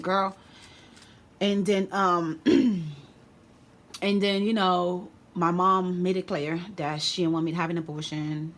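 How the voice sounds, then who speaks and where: A woman's voice: fairly low pitch, a bit bright. A woman vlogger telling a personal story in a candid, slangy, casual way.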